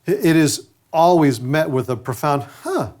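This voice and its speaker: A man's voice: fairly high pitch, moderate pace. A middle-aged man, a dentist, giving a conversational training lecture and acting out short patient exchanges. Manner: lively, conversational, acts out patient dialogues.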